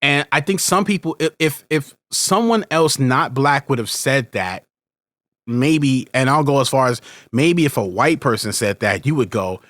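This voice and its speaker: A man's voice: medium pitch, expressive, measured pace, fairly bright tone, no echo. A man co-hosting a podcast, chatting casually as a parent and wandering off on tangents. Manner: rambling, many restarts and tangents. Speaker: podcast co-host. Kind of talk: casual conversational podcast chat.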